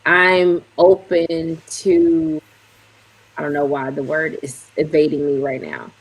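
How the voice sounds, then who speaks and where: A woman's voice: low-pitched, slow, husky, poor audio. A woman guest on a casual talk show, candid and sometimes searching for words.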